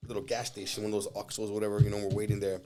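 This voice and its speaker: A man guest on a podcast, telling rough street stories in a casual, profane, animated way and acting out the voices of the people in them. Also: lowish voice, rapid-fire. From Southern California. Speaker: podcast guest, jiu-jitsu instructor. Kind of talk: casual storytelling. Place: podcast studio.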